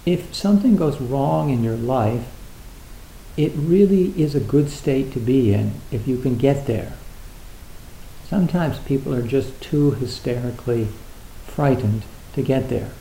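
A man's voice: medium pitch, animated, a little slow, vocal fry, mellow, roomy sound, slight background noise, low-quality recording. A man giving a reflective, casual talk on Zen, hesitant and full of fillers, acting out little dialogues.

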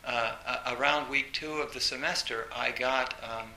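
A man giving a storytelling dharma talk as a meditation teacher, animated, with frequent laughter and many fillers. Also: mid-range voice, moderate pace. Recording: roomy echo with faint hiss.

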